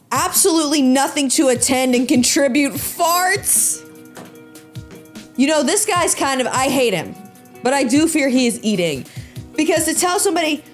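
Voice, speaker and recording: Sarcastic crude young woman podcaster. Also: high-pitched. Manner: sarcastic, crude, mocking impressions. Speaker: podcast host. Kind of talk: solo comedic commentary.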